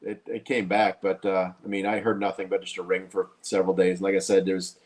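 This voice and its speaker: A man's voice: low voice, flat delivery, a little fast, darkish tone. A man hosting a podcast, telling a long story in casual chat with many restarts.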